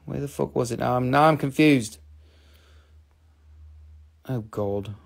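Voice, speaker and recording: A middle-aged man runs a live crystal sale, talking in a loose, playful way. His voice has a gravelly fry at mid pitch. He jokes along with viewers and names each stone and its price. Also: slow pace. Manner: playful, chatty, jumps into squeaky high joke voices. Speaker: live-stream crystal seller. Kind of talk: casual live sales chat.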